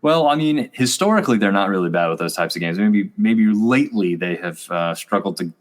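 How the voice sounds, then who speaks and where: A man's voice: on the low side, animated, brisk. A man co-hosting a college sports review show, chatting casually and rambling with fillers. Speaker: co-host.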